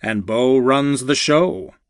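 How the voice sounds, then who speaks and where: A man narrating an audiobook, voicing a proud older male mentor who speaks with heartfelt, unhurried warmth. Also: mid-range voice, expressive, smooth, dry recording, clean studio sound. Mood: tender.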